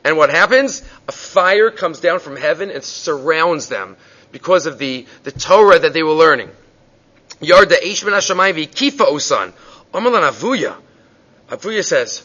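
A man teaching a Gemara class, telling the stories with animated voices for the people in them. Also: a little high, moderate pace. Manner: animated storytelling, acting out voices in quotes. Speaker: Talmud teacher. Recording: dull lo-fi recording.

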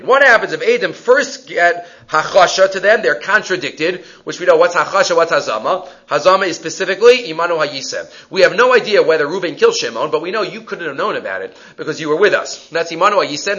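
A man teaching a Talmud class, reading Hebrew and Aramaic sources and posing rhetorical questions with animated delivery. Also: on the high side. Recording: dull lo-fi recording.

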